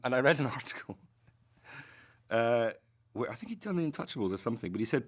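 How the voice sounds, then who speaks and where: A man's voice: mid-range voice, sing-song, fast, pauses often, breathy edge. A man, an actor, telling self-mocking, joking anecdotes in an interview.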